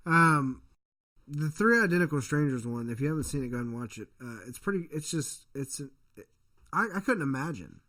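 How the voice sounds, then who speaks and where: A dad co-hosting a casual podcast delivers a profane, meandering story, acting out each person he quotes. He speaks at normal speed with an animated, bright, forceful voice on the high side.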